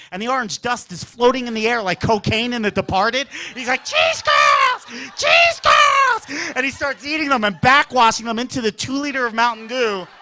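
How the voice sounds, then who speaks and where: A man doing a stand-up routine on a comedy club stage, telling stories in an animated, exaggerated way. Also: very high voice.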